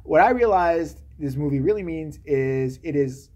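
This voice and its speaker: Animated, profane man ranting about a movie. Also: fairly high pitch, moderate pace. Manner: profane, sarcastic, acts out characters' lines. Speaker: movie reviewer. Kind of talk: comedic movie-review rant.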